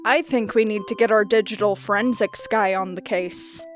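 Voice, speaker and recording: A man voicing a sharp, determined young woman detective with a dry, teasing edge. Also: high voice, fairly even intonation, normal speed, soft background music, pitched above the performer's own voice, lightly acted.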